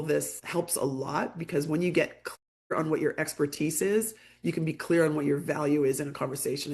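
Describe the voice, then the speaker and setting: A woman's voice: deep voice, vocal fry. A woman communication coach giving a conversational group talk over a video call, telling stories with lots of quoted back-and-forth. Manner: conversational, tells stories with lively quoted dialogue.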